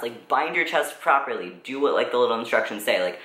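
A man's voice: medium pitch, lively intonation, brisk, hardly any pauses, bright, forceful tone, a little hiss or hum. A teenage young man telling a story in a casual vlog, rambling, swearing often and filling with likes. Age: teens. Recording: roomy echo.

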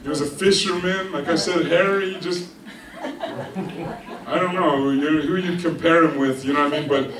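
A man with a fairly high voice preaches in a loose, storytelling way, checking again and again that his listeners are with him. He is heard from a distance in a roomy, echoing church. A congregation answers him in the background. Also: fairly even intonation, moderate pace, crowd noise. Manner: chatty, keeps asking "you with me?". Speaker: pastor. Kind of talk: conversational storytelling sermon. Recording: echoey church heard from afar. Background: congregation answering amen.

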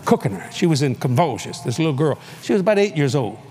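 A man's voice: on the high side, very animated, quick pace, darkish tone, a little hiss or hum. An older man preaching, telling a story with acted-out voices, hollers and laughs. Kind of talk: animated storytelling sermon. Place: large convention hall.

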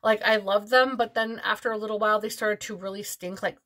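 A woman's voice: mid-range voice, steady tone, fairly quick, a bit bright. A woman beauty vlogger chatting casually through a haul, bubbly and gushing, with lots of fillers. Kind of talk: casual chat unboxing a haul.

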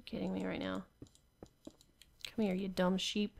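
A woman's voice: medium pitch, monotone, measured pace, gravelly, a little hiss or hum. A young woman talking to herself while playing a survival game, often laughing and grumbling in exasperation. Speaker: gamer. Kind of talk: Minecraft gameplay commentary.

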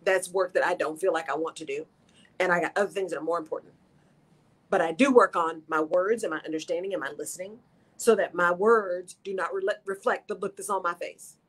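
A woman's voice: fairly low pitch, fairly quick. A middle-aged woman hosts a radio show, giving an earnest, encouraging motivational talk straight to her listeners.

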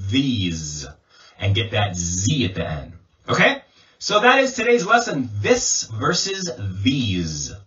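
A man as an English coach, giving a slow pronunciation lesson and repeating sounds as drills. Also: medium pitch, bright, forceful tone. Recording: distant mic, dull lo-fi sound.

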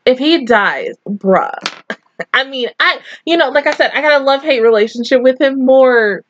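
A woman reacting to and reviewing an anime in casual, expressive chat, swearing and breaking into loud outbursts. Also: high-pitched, moderate pace, lo-fi sound, a little hiss or hum.

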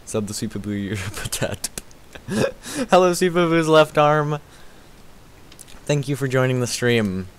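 A man's voice: mid-range voice, very animated, unhurried, pauses often, slight background noise. A young man streaming a game, chatting casually, goofy and self-mocking, trash-talking, singing snatches of songs. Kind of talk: casual gaming stream commentary.

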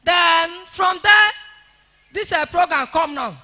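A Nigerian woman giving an emotional church testimony, rising to shouts of praise. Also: very high voice, slow, big-room sound.

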